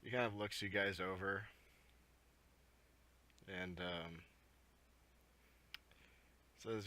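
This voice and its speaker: Halting, low-voiced male game master. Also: steady tone, pushed and bright. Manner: hesitant, many fillers. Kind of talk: narrating a tabletop game.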